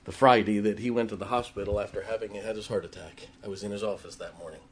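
A man preaching, telling a personal story with emotion and dropping his voice low in tender moments. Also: steady tone, fast, a little hiss or hum. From Ohio. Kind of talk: sermon storytelling.

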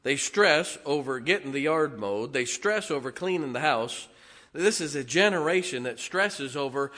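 A male preacher with a drawl delivers his sermon in a forceful, bright-edged voice pitched a little above the usual. He talks folksy and emphatic, tossing jokes between his points. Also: expressive, moderate pace.

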